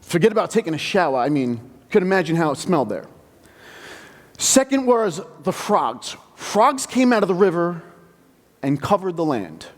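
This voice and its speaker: Animated high-voiced preacher in a reverberant hall. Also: male voice, normal speed. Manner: animated, conversational storytelling. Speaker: pastor. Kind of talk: sermon. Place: church sanctuary.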